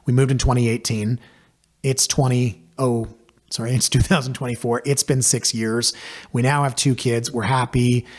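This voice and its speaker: A man tells his own story on a podcast. His delivery is casual, wry and self-deprecating, and he gets lively as the story goes. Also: medium pitch, moderate pace. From Canada. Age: 40s. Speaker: podcast host and realtor.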